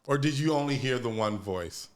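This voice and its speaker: A man with a mid-pitched voice that rises and falls a lot. He hosts a podcast and puts casual, curious questions to his guest. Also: lively intonation, normal speed. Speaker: podcast host.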